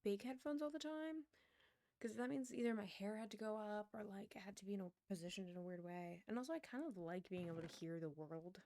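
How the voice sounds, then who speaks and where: Chatty streamer woman with vocal fry. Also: medium pitch, brisk, mellow, dry recording. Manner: rambling, chatty storytelling with frequent laughs. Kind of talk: casual chat while gaming. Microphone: wired earbuds with a headset mic.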